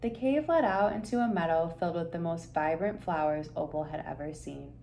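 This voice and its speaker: A woman reads a children's picture book aloud. Her telling is gentle and expressive, easing into the quiet moments of the story. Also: fairly low pitch, a little fast, gravelly, slight background noise. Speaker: storybook reader.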